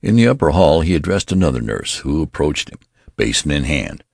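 A man narrating a story in a deliberate, expressive reading. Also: a bass voice, gravelly, no room sound, studio quality. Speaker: audiobook narrator.

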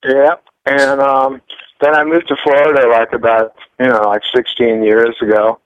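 A man's voice: medium pitch, level tone, normal speed, narrow, tinny audio. A man from France, a guest musician chatting in a casual radio interview, rambling and repeating words as he tells stories.

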